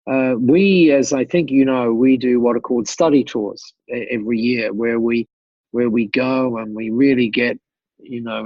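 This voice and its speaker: A gravelly, slightly husky man talks through anecdotes with animated, repetitive emphasis. His voice is dry and close, with no room around it. The recording sounds muffled and lo-fi. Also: medium pitch, dry recording. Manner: animated, repeats words, tells anecdotes. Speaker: interview guest, business mentor. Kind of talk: storytelling in a podcast interview.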